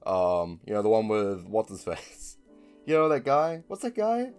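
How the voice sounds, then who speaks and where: Rambling young Kiwi man, lowish voice. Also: wildly swooping pitch, unhurried, a little mellow, clear, resonant tone, faint music behind. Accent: New Zealand. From New Zealand. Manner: rambling, swears often, frequent ums. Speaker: video creator. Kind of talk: casual chat.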